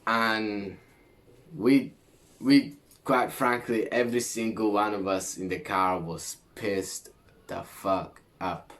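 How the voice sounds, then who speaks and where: Young man from Greece, casual vlog storyteller, slow delivery, profane and slangy. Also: on the low side. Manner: animated, swears a lot, slangy. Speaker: vlogger.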